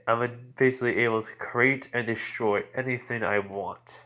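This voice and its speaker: A man voicing a teenage boy who has become a vampire, speaking calmly and flatly with quiet menace in a fan story. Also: medium pitch, normal speed, natural voice. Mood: cold. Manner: calm, flat, menacing. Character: teenage boy turned calm, cold vampire.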